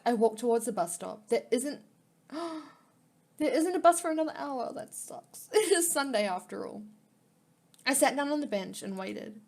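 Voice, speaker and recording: A fairly high-voiced woman reads a visual novel game aloud for her channel. She reacts emotionally, gasping and sounding close to tears between lines of the story. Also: a little mellow. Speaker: gaming YouTuber.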